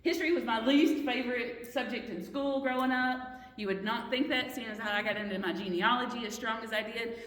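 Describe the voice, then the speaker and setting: A woman's voice: a little high, a little fast, fairly bright tone. Woman Bible study teacher, earnest and questioning, recorded from a distance in a roomy hall. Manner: earnest, questioning, restarts mid-sentence.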